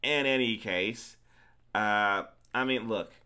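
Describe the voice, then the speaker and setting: A man's voice: lowish voice, takes it slowly, pushed and bright, clear, resonant tone. A man co-hosting a podcast, retelling a film's plot in casual chat with a teasing, emphatic manner. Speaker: podcast co-host. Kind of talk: casual movie recap chat.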